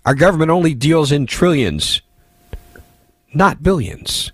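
A man hosts a talk radio show and answers listener texts with sardonic, exasperated remarks. His pitch swings widely as he talks. His voice sounds dry and close, with no room echo. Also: lively intonation, unhurried.

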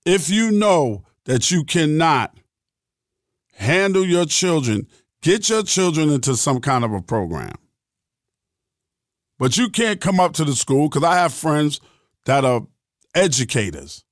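Middle-aged male podcast host, blunt and profane, slightly high voice, dry close sound. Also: big pitch swings, measured pace, long pauses, no room sound. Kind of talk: podcast monologue.

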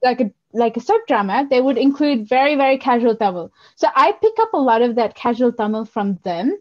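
A woman talks as a podcast guest in an animated, giggly way. Her voice is high and she uses "like" constantly. The recording sounds dull and lo-fi. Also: fairly quick. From Australia. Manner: animated and giggly, heavy use of "like". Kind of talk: casual podcast chat.

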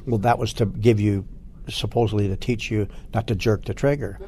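An older man, a former Marine recruit, recalling boot camp in an interview with halting speech and many restarts. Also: fairly low pitch, steady tone, dark tone, soft background music. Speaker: Marine Corps veteran interviewee. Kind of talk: oral history interview.

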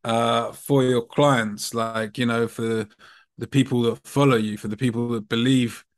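A man's voice: mid-range voice, fairly even intonation, unhurried. A man hosting a casual podcast conversation, reflecting on his guest's point with lots of fillers. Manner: reflective, affirming, many fillers. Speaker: podcast host.

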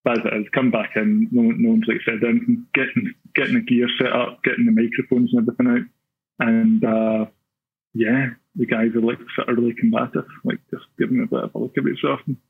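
A man's voice: medium pitch, level tone, fast talker, gravelly, husky. Glaswegian man telling a rambling tale. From Scotland. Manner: rambling, filler-heavy, self-deprecating. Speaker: podcaster guest. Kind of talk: casual storytelling. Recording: tinny phone-like line.

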